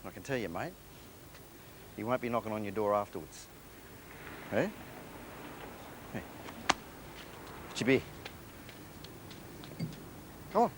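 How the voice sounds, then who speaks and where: An actor playing a blunt, weary male footballer with an Australian accent and a gruff, terse manner. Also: fairly low pitch, animated, moderate pace, pauses often, background noise, lightly acted. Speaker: football player. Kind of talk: film drama acting.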